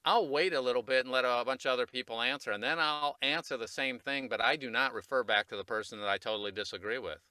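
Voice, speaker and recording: Bright, crisp-voiced man, rambling and jokey. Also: mid-range voice, no room sound. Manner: rambling, self-deprecating, quick to laugh. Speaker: voice recording coach, guest. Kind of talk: casual podcast conversation.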